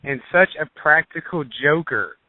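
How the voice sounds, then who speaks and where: A man guest reminiscing in a relaxed, lively way on a call-in show. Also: on the high side, normal speed, no echo. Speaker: guest, family member. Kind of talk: casual reminiscing. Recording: tinny dry phone line.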